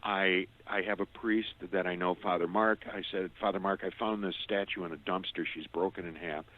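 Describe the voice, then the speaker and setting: Deep-voiced middle-aged man over a phone line. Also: fairly even intonation, normal speed. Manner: earnest, stumbles and repeats words. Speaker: radio show guest. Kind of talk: personal testimony storytelling.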